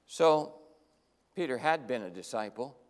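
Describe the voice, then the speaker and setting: A man's voice: mid-range voice, lively intonation, measured pace, long reverb tail. A man preaching a sermon who tells the story dramatically and acts out the characters' lines. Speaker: pastor.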